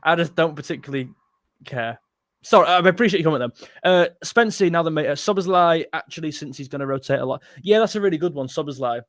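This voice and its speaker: Chatty lad on a dry mic. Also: male voice, fairly high pitch, expressive, fast, no echo. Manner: chatty, blunt, self-deprecating, thanks donors warmly. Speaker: football livestream host reading chat. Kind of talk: casual live-stream chat.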